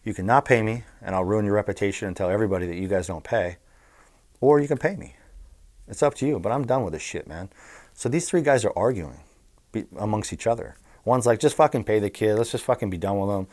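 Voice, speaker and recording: Quick-paced and on the low side, the voice belongs to a middle-aged Southern Californian man, a former bookmaker being interviewed. He spins blunt, profane tales in an animated, casual storytelling style.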